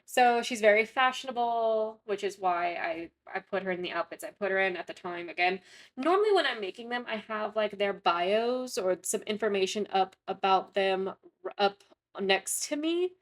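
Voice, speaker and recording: A young woman who creates gaming content chats casually over her gameplay, her medium-pitched voice lively in intonation and moderate in pace. She rambles, uses fillers, and keeps correcting herself mid-sentence.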